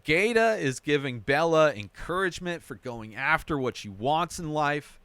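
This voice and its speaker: A man's voice: on the high side, animated, moderate pace, fairly bright tone, clean tone, dry recording. A man hosting a podcast, recapping a TV episode in a casual, run-on way and often tagging his sentences with "right?". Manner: narrates plot in a run-on way, often adding "right?".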